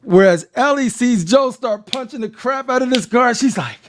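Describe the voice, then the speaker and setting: A man co-hosting a casual podcast, chatting about a TV episode and acting out scenes in quick voices. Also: very high-pitched, animated, a little hiss or hum. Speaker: podcast co-host. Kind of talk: casual watch-along chat.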